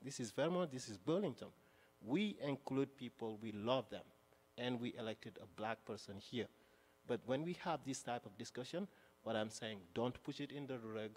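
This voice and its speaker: A man's voice: mid-range voice, normal speed, a little mellow. Accented male councilor, impassioned floor speech, reverberant council hall. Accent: non-native English. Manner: emphatic, repeats and restarts phrases. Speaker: city councilor. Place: city council chamber. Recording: long reverb of a council chamber.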